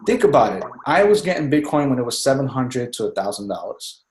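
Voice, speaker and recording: A man talking in casual chat on a group call, excited and rambling, who keeps saying "man.". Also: mid-range voice, fairly quick, roomy sound, slight background noise, rough recording. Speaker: team member speaking on a group call.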